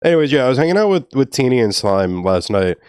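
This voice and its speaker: A man from New Orleans talks loosely and at length, laughing as he goes, in an ordinary middle-pitched voice. The sound is dry and close, with no room around it. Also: very animated, quick pace, a little mellow, clear, resonant tone, no room sound. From New Orleans, Louisiana. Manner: chatty, laughs often, loose and rambling. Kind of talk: casual chat.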